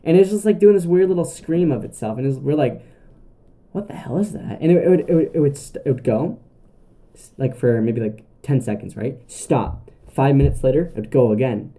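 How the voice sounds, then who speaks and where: A man's voice: mid-range voice, a little fast, dark tone. A young man hosting a podcast, telling camping stories in a loose, rambling way full of filler words and restarts. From Canada. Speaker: podcast host. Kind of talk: casual storytelling monologue.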